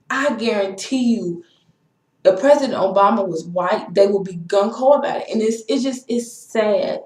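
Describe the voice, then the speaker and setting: A woman's voice: medium pitch, a little fast. Impassioned young woman, echoey room. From Texas. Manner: impassioned, repetitive, frustrated. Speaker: vlogger. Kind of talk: emotional personal vlog rant.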